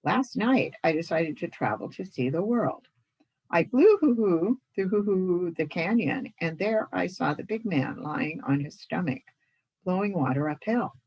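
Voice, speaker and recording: A woman's voice: lowish voice, animated, unhurried, darkish tone, husky, lo-fi sound, exaggerated voice. A woman voicing a small female screech owl who stutters hoots before her words. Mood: worried.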